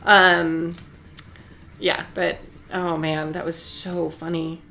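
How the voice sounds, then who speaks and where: A woman's voice: on the low side, flat delivery, slow, gravelly, bright, forceful tone, faint music behind. A woman chatting casually on a live stream while she sews, talkative and often breaking into laughter.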